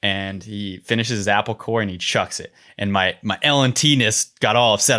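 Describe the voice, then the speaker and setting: Bright-voiced male podcast host, animated. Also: on the low side, moderate pace, hardly any pauses. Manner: animated storytelling, acts out quotes. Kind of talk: casual podcast chat.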